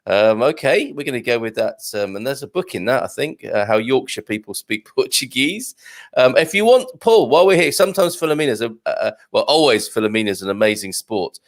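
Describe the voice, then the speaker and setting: A man's voice: mid-range voice, big pitch swings, fairly quick. A middle-aged man hosting a casual live stream, joking and reading out viewer comments. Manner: jokey, reads out viewer comments. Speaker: show host.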